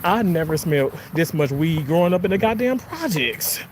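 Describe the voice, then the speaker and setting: A vlogger walking outdoors on a sidewalk, talking to viewers in rambling, profane, excitable commentary. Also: medium pitch, normal speed. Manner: profane, excitable, bursts into sung snippets and laughter. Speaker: vlogger streaming on a walk. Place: outdoors on a street sidewalk with trees and cars. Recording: noisy outdoor street recording.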